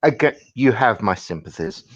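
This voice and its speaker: A man's voice: on the low side, lively intonation, normal speed, no echo. A man chatting casually and agreeably. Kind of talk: casual chat. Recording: dull lo-fi sound.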